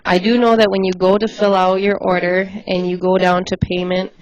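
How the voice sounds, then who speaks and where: A woman volunteer coordinator talking casually and quickly to volunteers, chatty and laughing easily. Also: on the low side, level tone, a little mellow, dull audio. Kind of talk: casual livestream address.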